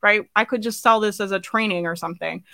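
A woman's voice: medium pitch, fast, vocal fry, bright, forceful tone, dry recording. A woman business coach giving a live sales training, blunt and swearing casually, asking her audience questions and laughing often.

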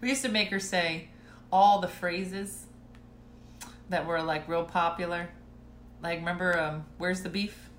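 A middle-aged woman hosts a relaxed live chat and tells family stories to her viewers. Her voice is bright and clear, and she laughs often and clears her throat. The room around her is echoey, with faint background noise. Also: lowish voice, measured pace, pauses often. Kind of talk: casual storytelling chat.

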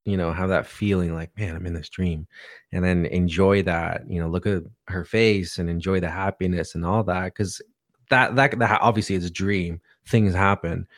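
A man's voice: deep voice, fairly even intonation, moderate pace, no room sound, studio quality. A man co-hosting a podcast, asking questions in a hesitant way with many fillers. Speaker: podcast co-host. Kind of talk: casual interview chat.

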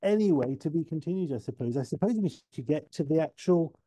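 Chatty man with a mellow voice. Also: a little high, expressive, a little fast, husky. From England. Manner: rambling, chatty, restarts and asides. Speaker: podcast co-host. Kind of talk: casual podcast chat.

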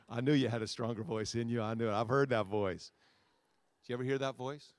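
Pastor preaching with rising and falling intensity. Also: male voice, fairly even intonation, normal speed, no room sound. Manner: swings between loud soaring lines and low quiet asides; repetitive, rousing preaching cadence. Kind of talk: sermon. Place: church sanctuary before a congregation.

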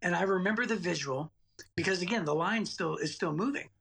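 Telling a childhood story from his own life on a podcast interview, this guest in his late forties rambles and repeats words. He speaks a little fast, in a high-sitting voice that's gravelly, bright, forceful and slightly rough.

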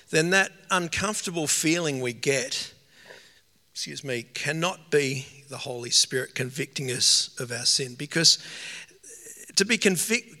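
A man preaching a sermon in an earnest, emotional way, slowing down to stress key phrases. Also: on the high side, bright, forceful tone. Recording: long reverb of a hall.

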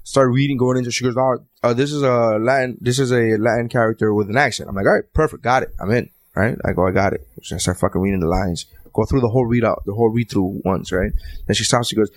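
A man with a Miami accent, hosting a podcast, telling a profane, animated story and acting out the dialogue. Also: medium pitch, fast, no echo. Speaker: podcast host. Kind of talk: casual chat, storytelling.

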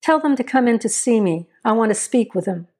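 A woman voicing a stern, steady male small-town sheriff who gives firm, measured commands. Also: on the high side.

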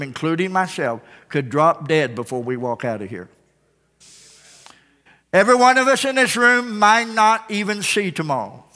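Male preacher, revival sermon, emphatic, repetitive, bright tense voice, slightly high, long church reverb. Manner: emphatic, repetitive, swinging between loud calls and hushed endings. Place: church sanctuary with congregation.

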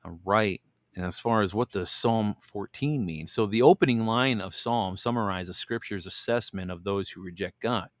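A man's voice: fairly low pitch, moderate pace, few pauses, no room sound, clean studio sound. A man hosting a Bible devotional show, telling a story casually with many fillers and reading scripture aloud. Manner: rambling storyteller, many "you know" fillers.

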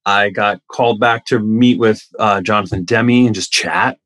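A middle-aged man telling stories casually as a guest, animated, acting out the voices of the people he quotes with big jumps in pitch. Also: normal speed, no room sound. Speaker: actor guest. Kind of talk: casual anecdotal storytelling.

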